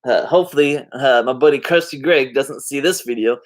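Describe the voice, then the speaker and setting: A man's voice: mid-range voice, a little fast. A man talking casually to the camera in a vlog, rambling and drifting off topic, with many fillers and easygoing slang. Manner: laid-back slangy talk. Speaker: vlogger.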